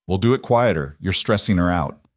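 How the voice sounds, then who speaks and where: A man's voice: low-pitched, lively intonation, moderate pace, no echo, clean studio sound. A man voicing a bitter, dismissive divorced mother who snaps her lines curtly. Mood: sharp dismissive. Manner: snappish, curt.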